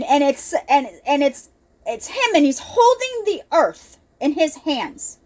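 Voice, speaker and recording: Woman, high voice, unscripted spiritual testimony, earnest, rambling, emotional at times. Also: big pitch swings, unhurried, a little mellow. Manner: earnest, rambling, with restarts and quoted asides. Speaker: ministry video host.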